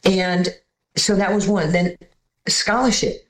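A woman's voice: lowish voice, takes it slowly. Older new lady telling stories, acts out the voices, bit of room echo. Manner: animated, acts out voices in quotes. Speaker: guest. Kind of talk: casual storytelling. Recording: echoey room.

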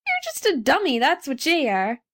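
A woman's voice: high-pitched, big pitch swings, measured pace, dry recording, pitched above the performer's own voice. A woman voicing a cheeky young newsboy who hawks papers with pushy street talk. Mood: brash. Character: brash young male city newsboy.

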